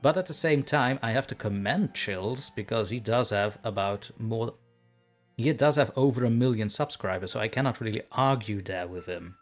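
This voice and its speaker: A man's voice: mid-range voice, moderate pace, faint music behind. Chatty male podcast host. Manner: chatty, laughs often, blunt opinions. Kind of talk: casual video chat.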